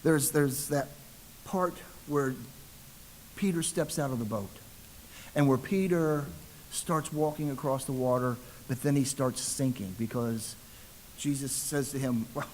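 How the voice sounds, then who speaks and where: A man's voice: a little high, measured pace, darkish tone, a little hiss or hum, poor audio. A man preaching a sermon as a ruling elder, telling the story conversationally and acting out the voices in quotes.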